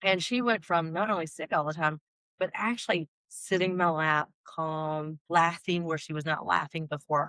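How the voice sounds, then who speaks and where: A woman in her forties, a doctor hosting the session, telling stories in a lively, exclamatory way and acting out quoted dialogue. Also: lowish voice, dry recording, poor audio. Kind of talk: casual conversational storytelling.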